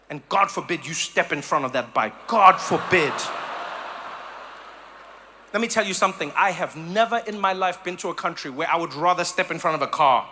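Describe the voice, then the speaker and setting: A man from South Africa doing animated stand-up comedy, slipping into mock voices. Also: on the high side, moderate pace, slight background noise.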